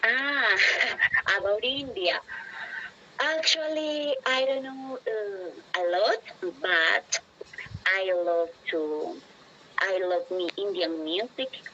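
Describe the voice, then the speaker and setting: A Peruvian woman in her twenties, a teacher, speaks English with a Peruvian Spanish accent in a casual practice conversation. Her medium-pitched voice is slow, bright and forceful, but she is hesitant, searches for words and asks for things to be repeated. The audio has its highs cut off and a little hiss or hum.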